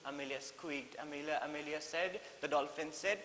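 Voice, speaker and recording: A male English teacher with an Indian English accent talks through a story in an animated, repetitive way, slipping into Hindi now and then. His slightly high voice sits in an echoey room with long reverb and a faint hiss. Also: normal speed, few pauses. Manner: animated, mixes in Hindi, many fillers and repeats. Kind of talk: classroom lesson explaining a story.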